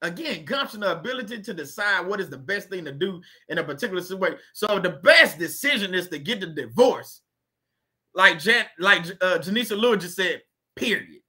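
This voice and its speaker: A man's voice: high voice, animated, a little fast, pushed and bright, breathy edge. A man hosting a casual, faith-based motivational talk, speaking in a colloquial, preachy way and repeating his points for emphasis. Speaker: host.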